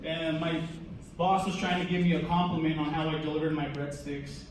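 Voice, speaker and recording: A young male comedian talks slowly and haltingly, full of uhs and likes, in a fairly high voice. The mic is far off in a very echoey room. Steady background noise runs under him. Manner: halting, filler-heavy, deadpan. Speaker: stand-up comedian. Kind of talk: stand-up comedy.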